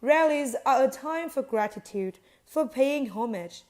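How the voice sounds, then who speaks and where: A woman reading a news article aloud in an even, uninflected way, quotes read in the same voice. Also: high-pitched, a little slow. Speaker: news reader.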